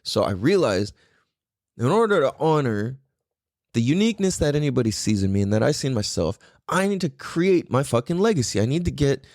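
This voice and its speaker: A man's voice: medium pitch, brisk, no echo, clean studio sound. A man hosting a podcast, talking casually in a rambling way and swearing freely. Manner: animated, profane, rambling. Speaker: podcast host.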